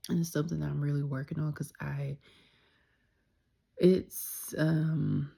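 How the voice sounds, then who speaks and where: Low, gravelly woman musing candidly. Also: flat delivery, brisk. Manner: soft-spoken, candid, drops into whispers. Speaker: vlogger. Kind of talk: reflective personal vlog.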